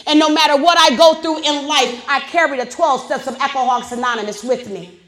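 A woman giving a personal recovery testimony at a meeting. She talks in an animated, informal way and swings from loud emphasis to quiet reflection. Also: high-pitched, brisk. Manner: animated storyteller, loud and soft by turns; informal, colloquial grammar.

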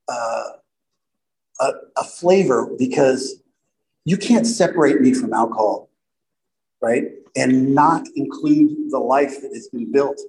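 Man, recovery speaker, casual self-deprecating storyteller, somewhat high voice. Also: rough recording. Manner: conversational, self-deprecating, repeats "right?". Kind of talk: recovery talk to a group.

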